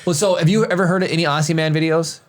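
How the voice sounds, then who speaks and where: Male podcast co-host, thirties, slightly high voice, animated rambler. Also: racing. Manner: rambling, animated storytelling with restarts. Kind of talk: casual chat.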